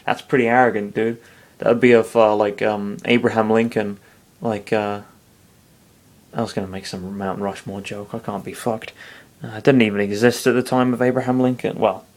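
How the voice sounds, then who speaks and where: A man reads a fan story aloud in a relaxed, offhand way. He keeps breaking off into rambling, mumbled tangents and swears freely. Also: on the low side, normal speed. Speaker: reader. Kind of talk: casual reading of a fan story with commentary.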